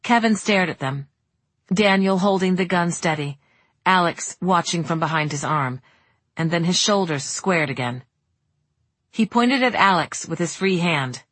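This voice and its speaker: A woman reading a novel aloud in steady audiobook narration. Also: lowish voice, unhurried, no echo.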